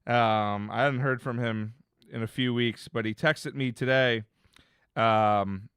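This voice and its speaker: A man's voice: fairly low pitch, a bit bright, smooth, no echo, clean studio sound. A man in his thirties chatting casually on a live stream, rambling and laid-back, often laughing and trailing off into mumbles.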